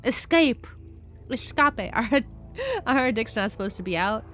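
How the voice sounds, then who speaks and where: A young woman streamer reacting to a video in casual commentary, excitable, swearing and exclaiming loudly. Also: mid-range voice, normal speed, soft background music.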